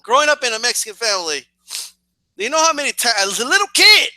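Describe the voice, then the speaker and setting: Lively high-voiced young man ranting. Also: fast, dry recording. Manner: animated, swearing, stammering repeats, acts out shouts. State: slight cough. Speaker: boxing channel vlogger. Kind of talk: comic rant to camera.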